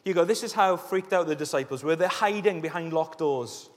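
A man preaching a sermon as a pastor, telling Bible stories in a lively way and acting out the scenes. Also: a little high, brisk. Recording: echoey hall reverb.

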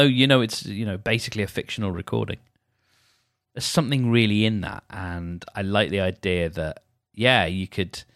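A man's voice: fairly low pitch, a bit bright, dry recording, clean studio sound. A man hosting a solo podcast, chatting in a meandering, self-deprecating way. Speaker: podcast host. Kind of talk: rambling solo podcast chat.

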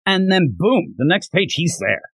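A man reviews manga on a podcast with an animated, swooping delivery. He sits close to the mic in a dry, dead room. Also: sits high, normal speed, slightly rough, no echo. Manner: animated, retells scenes with fillers and laughs. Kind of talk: casual review chat.

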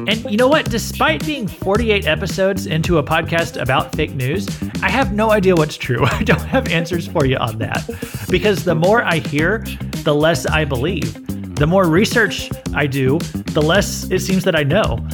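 Man, podcast host, casual monologue, rambling with fillers, slightly high voice, faint music underneath. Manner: rambling, with frequent fillers and self-corrections.

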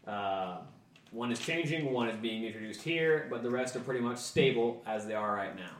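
A man running a tabletop game, explaining rules in a halting way with fillers. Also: medium pitch, animated. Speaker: game master. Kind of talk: casual tabletop podcast talk. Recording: echoey room, distant mic, faint hiss.

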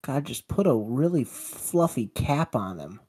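A man's voice: mid-range voice, big pitch swings, measured pace, mellow, husky. A man co-hosting a film podcast in casual chat, bantering playfully and exclaiming often. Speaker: podcast co-host.

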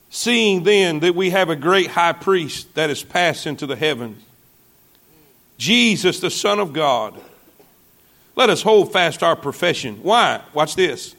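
A man's voice: on the high side, expressive, takes it slowly, creaky, long pauses, fairly bright tone. A man preaching a sermon as pastor, reading scripture and turning to the congregation with asides and questions.

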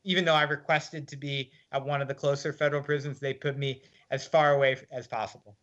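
A man's voice: mid-range voice, little pitch movement, quick pace, fairly bright tone, dull audio. A middle-aged man, a guest author, reading from his book and talking casually in an interview. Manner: reads with dry wit, casual fillers in talk.

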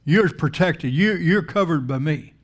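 A man's voice: a little high, lively intonation, measured pace. Man preaching in a conversational style. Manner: conversational preaching with rhetorical questions and repeated words. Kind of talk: sermon.

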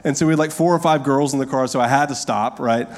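Conversational man preaching a sermon. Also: medium pitch. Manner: conversational, laughing asides, emphatic slow repeated lines. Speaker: pastor.

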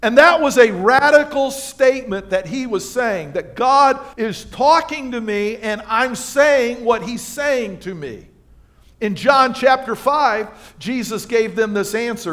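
A male pastor preaching a sermon, reading scripture and bantering with the congregation in an animated way. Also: very high voice. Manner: animated preaching with asides and quick exchanges with the congregation. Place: church livestream.

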